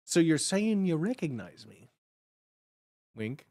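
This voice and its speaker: A man's voice: medium pitch, big pitch swings, slow pace, long pauses, darkish tone, no room sound. A man hosting a livestream and chatting casually with viewers, rambling and playful, packing his talk with "like" and restarts. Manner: playful and jokey. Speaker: livestream host.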